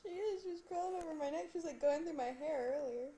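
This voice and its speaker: A woman's voice: high-pitched, fast talker, warm tone. A woman filming a home video, chatting playfully and coaxing her baby in a sing-song way. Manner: playful, coaxing baby talk with frequent laughter. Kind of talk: casual home-video chat. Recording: faint background noise.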